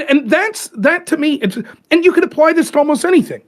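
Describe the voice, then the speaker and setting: A man's voice: extremely high pitch, lively intonation, fast, hardly any pauses. A man hosting a podcast, talking politics in a casual, profane, argumentative way. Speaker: podcast host.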